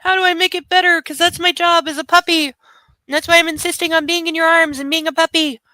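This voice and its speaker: Lady putting on a high bright baby-talk puppy voice, clingy and eager. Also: steady tone, brisk, dry recording. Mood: pleading. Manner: babbling run-on baby talk. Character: eager affectionate male puppy wanting belly rubs.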